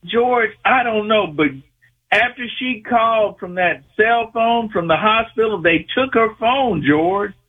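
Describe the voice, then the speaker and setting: A man calling a radio show who chats excitedly and keeps addressing the host by name. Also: high voice, measured pace, breathy edge. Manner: chatty, excitable, keeps repeating the host's name. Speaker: caller. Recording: tinny phone line.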